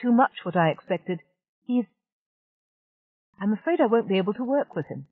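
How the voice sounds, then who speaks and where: A woman's voice: mid-range voice, lively intonation, moderate pace, no echo, pitched above the performer's own voice, close to an everyday voice. A woman doing a blunt, irritable young woman. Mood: exasperated. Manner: frank and irritable. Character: blunt, exasperated young woman station partner. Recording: dry, tinny narrow-band audiobook.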